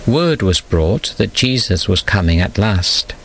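Low-voiced man narrating a storybook. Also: slight background noise, poor audio. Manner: steady, measured reading.

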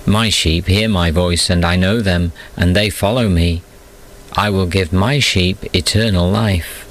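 A man reading a gentle shepherd-teacher's words. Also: sits low, measured pace. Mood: earnest. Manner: calm, kindly, plain.

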